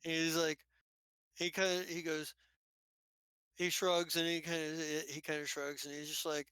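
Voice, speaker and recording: Man game master, rambling, bright ringing voice, dry close sound. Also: fairly high pitch, little pitch movement, unhurried, smooth, no echo, low-quality recording. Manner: rambling, many restarts. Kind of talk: narrating a tabletop game.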